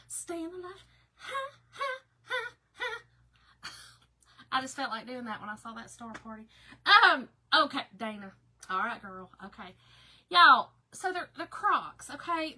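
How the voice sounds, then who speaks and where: A woman's voice: fairly high pitch, sharp tone, low-quality recording. A middle-aged woman, chatting casually with viewers while hosting a craft livestream. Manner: chatty, talks to viewers by name. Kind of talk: casual chat.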